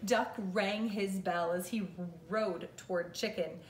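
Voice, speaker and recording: A woman teacher reading a picture book aloud to children, telling the story slowly and expressively. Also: mid-range voice, far from the mic, slight background noise. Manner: slow, expressive storytelling for kids. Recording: echoey room with faint ambience.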